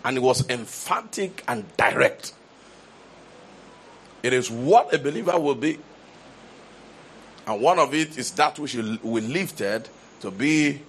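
A man's voice: mid-range voice, fairly bright tone, slightly rough. A man preaching a sermon, building to emphatic repeated declarations and often restarting his phrases. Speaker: pastor.

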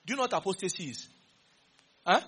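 Husky, bright-voiced Nigerian preacher. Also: male voice, high voice, fast talker. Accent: Nigerian English. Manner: animated, teasing, quizzes the congregation. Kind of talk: sermon.

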